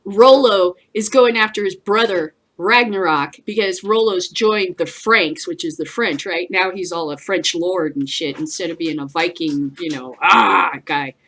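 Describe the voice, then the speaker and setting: Slow, blunt, profane woman host. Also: lowish voice, a bit bright. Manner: blunt, profane, with frequent laughter. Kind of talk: casual ranting commentary.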